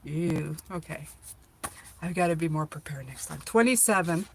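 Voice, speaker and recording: A woman's voice: deep voice, normal speed, vocal fry, a little hiss or hum. A middle-aged woman hosting a live tarot reading, chatty and playful, joking with viewers as she reads the cards aloud.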